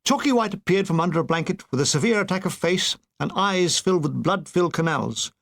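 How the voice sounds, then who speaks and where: A man's voice: high voice, lively intonation, fairly quick, vocal fry, a bit bright. An older man reading his own war memoir aloud, with dry comic timing. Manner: dry comic delivery with brief put-on voices. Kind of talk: audiobook narration.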